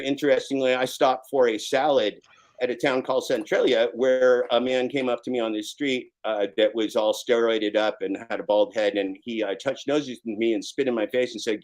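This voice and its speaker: A man in his fifties, a guest in a live online interview, talking intensely and swearing, at times rising to a shout. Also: mid-range voice, fairly even intonation, moderate pace, rough recording. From Oregon. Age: 50s.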